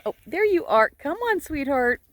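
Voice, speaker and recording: Woman, sheep farmer, chatty, lively swooping voice, sing-song coos, outdoors, faint bleats behind. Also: sits high, moderate pace, slight background noise. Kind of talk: casual outdoor vlog. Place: outdoors by a pasture.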